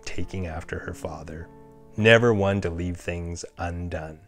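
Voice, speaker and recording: Low-voiced male storyteller. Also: faint music behind. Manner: measured storytelling with character voices. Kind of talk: scripted story narration.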